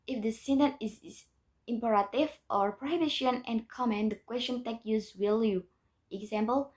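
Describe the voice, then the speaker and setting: A woman's voice: fairly high pitch, moderate pace. Young woman reading a grammar lesson. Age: young adult. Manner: careful, methodical reading with small restarts. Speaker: student presenter.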